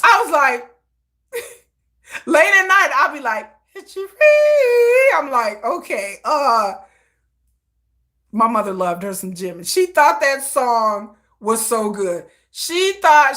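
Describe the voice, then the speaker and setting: A woman hosting a livestream, chatting casually and telling animated personal stories, acting out quotes and laughing often. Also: a little high, slow. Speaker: livestream host. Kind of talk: casual chat.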